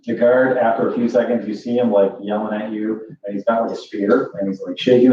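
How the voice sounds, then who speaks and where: A man's voice: mid-range voice, a little fast, dark tone. A man running a tabletop game as dungeon master, narrating casually with lots of fillers. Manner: rambling, many fillers and "like". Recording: distant echoey lo-fi room mic with faint hiss.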